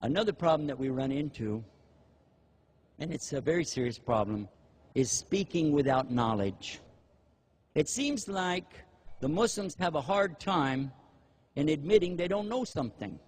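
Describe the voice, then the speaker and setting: A man's voice: a little high, a little slow, pauses often, slight background noise. A man giving a sermon-style talk, telling stories with animation and acting out people's words. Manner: animated storytelling, acting out quotes. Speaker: preacher.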